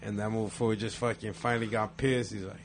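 A man's voice: on the low side, level tone, fast talker, slight background noise. A man telling stories in casual chat, profane and laid-back, acting out the quotes.

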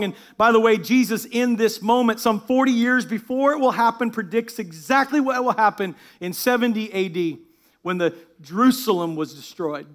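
A man's voice: sits high, moderate pace. A man serving as lead pastor, praying and then preaching a sermon in church with an emphatic delivery that builds as he goes. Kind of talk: sermon with opening prayer.

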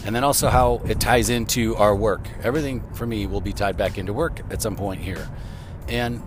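A man's voice: fairly low pitch, a little fast. Middle-aged man, podcast host talking on the drive to work, loose and rambling, faint music underneath. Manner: rambling, conversational, laughs easily. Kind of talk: casual chat while driving to work. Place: in a car.

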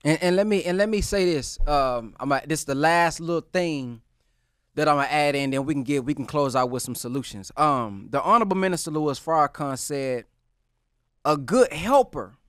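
A man's voice: a little high, a little fast, a bit bright, clear, resonant tone, dry recording, clean studio sound. A man talking in a loose, preaching style with a lot of slang, acting out the voices of the people he quotes. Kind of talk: preaching-style casual talk.

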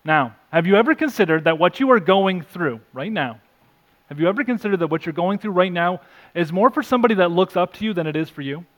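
A male pastor preaching an earnest sermon, reading scripture aloud, rising for emphasis and dropping soft. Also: sits high, expressive, quick pace. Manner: self-deprecating asides.

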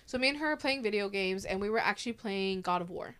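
A woman's voice: mid-range voice, lively intonation, fast talker, fairly bright tone, smooth. A woman in her thirties telling a story in casual chat. She swears freely and acts out the voices of the people in it. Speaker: podcast host.

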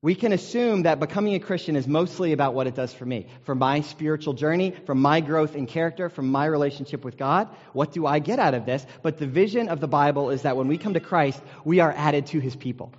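An American man preaches in a loose, conversational way, telling stories and poking fun at himself. His voice sits a little high for a man. The sound is dull and muffled, with a long reverb trailing through a large hall. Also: fairly quick, hardly any pauses. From United States. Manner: conversational storytelling with self-deprecating humor. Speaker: pastor. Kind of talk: sermon.

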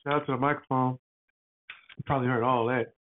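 An excitable man hosts a casual podcast and rambles along in loose slang, with plenty of fillers. His voice sits at an ordinary pitch. The sound is thin and tinny like a phone line, and completely dry. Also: fast talker, no echo. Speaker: podcast host.

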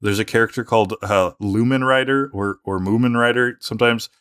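A man's voice: mid-range voice, a little fast, a bit bright, clear, resonant tone, no echo, studio quality. A young man co-hosting a podcast, laid-back and rambling, laughing often as he talks. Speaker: podcast co-host. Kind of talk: casual chat.

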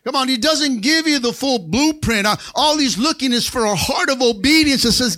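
High-voiced, bright, excitable preaching man. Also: normal speed, few pauses. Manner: call-and-response preaching, asks for amens; excitable, rising to shouts. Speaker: pastor. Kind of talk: Pentecostal sermon. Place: church sanctuary.

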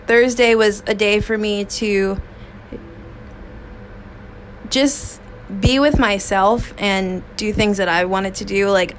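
Candid woman with a gravelly voice. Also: mid-range voice, a little hiss or hum. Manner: candid and raw, swears casually, trailing fillers. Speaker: podcast host. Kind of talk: personal storytelling podcast. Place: small recording booth. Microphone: phone.

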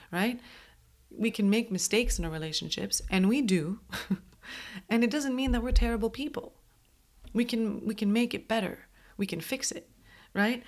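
A woman hosting a podcast, talking casually about mindfulness, laughing often and acting out inner voices, with many restarts. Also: medium pitch. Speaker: podcast host.

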